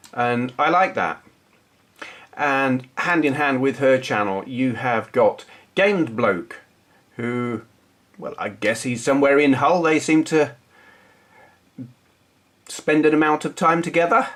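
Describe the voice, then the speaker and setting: A man's voice: medium pitch, fairly bright tone. A man in his thirties with a southern English accent, chatting to camera in a rambling, self-correcting way about his hobbies. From southern England. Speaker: retro gaming vlogger. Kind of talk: casual talk to camera.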